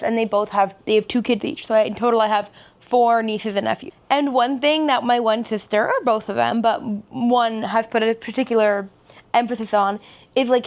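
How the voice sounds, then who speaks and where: Chatty higher-voiced young woman vlogging. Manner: chatty, rambling, giggly, with many fillers. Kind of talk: casual vlog chat.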